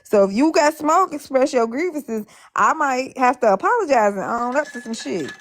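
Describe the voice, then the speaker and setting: A woman's voice: sits high, lively intonation, normal speed, slight background noise. A woman hosting a casual live stream, chatting in a rambling, laid-back way. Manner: chatty, rambling, with frequent laughs.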